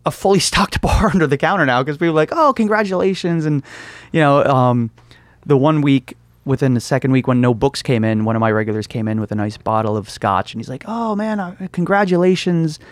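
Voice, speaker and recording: A young man tells his stories in a relaxed, chatty way, slipping into other people's voices as he quotes them and laughing along as he goes. The voice sits at an ordinary pitch for a man. The recording is dry and close, with no room sound. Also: fairly quick, dry recording. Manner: chatty storyteller, acts out quotes, laughs often. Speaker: comic book store owner. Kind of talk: casual interview conversation.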